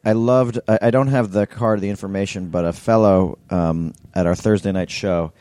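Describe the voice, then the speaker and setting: A man's voice: lowish voice, steady tone, moderate pace, dark tone, no room sound, studio quality. A man co-hosting a casual comedy podcast from a hotel room, joking and slipping into silly put-on accents. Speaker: podcast co-host.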